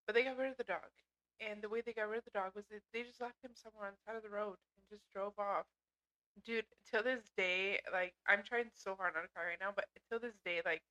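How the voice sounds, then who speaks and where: A young woman with a bright, lively voice, chatting casually on a podcast. She talks in loose, slangy run-on sentences, swears freely and calls her friend "dude.". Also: mid-range voice, poor audio. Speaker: podcast co-host. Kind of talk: casual chat.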